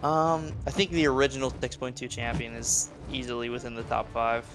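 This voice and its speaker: A man's voice: mid-range voice, flat delivery, a little fast. A man co-hosting a gaming stream, thinking aloud and weighing options in casual chat. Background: game music.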